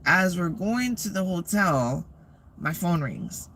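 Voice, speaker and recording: A woman's voice: fairly low pitch, takes it slowly, slight background noise. A woman vlogger casually telling a rambling, profane story straight to camera. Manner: profane, rambling, animated retelling.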